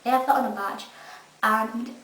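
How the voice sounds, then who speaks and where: A woman's voice: on the high side, steady tone, moderate pace, fairly bright tone. A young Scottish woman gushing through a casual episode review. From Scotland. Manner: enthusiastic, gushing. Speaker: fan reviewer. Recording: echoey room, mic far off, faint hiss.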